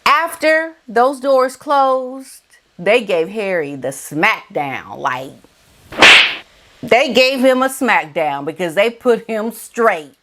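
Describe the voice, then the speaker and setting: A woman's voice: a little high, animated, takes it slowly, fairly bright tone, a little hiss or hum. Woman vlogger, gossip commentary, emphatic, colloquial, repeats for emphasis. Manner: emphatic and colloquial, repeats key words for effect. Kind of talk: casual celebrity gossip commentary.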